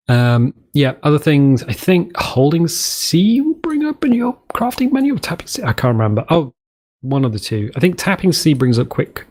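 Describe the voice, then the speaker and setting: A man's voice: medium pitch, darkish tone. British guy rambling through a survival game let's play, chatty, keeps restarting sentences. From United Kingdom. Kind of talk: casual gameplay commentary.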